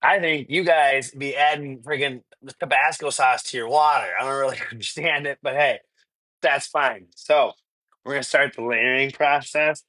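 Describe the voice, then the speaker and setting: Bright-voiced chatty dad from Minnesota. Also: male voice, medium pitch, steady tone, moderate pace, dry recording, poor audio. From Minnesota, US Midwest. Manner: chatty and rambling, laughs often, answers live chat. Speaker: cooking channel host. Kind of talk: casual live cooking stream. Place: home kitchen.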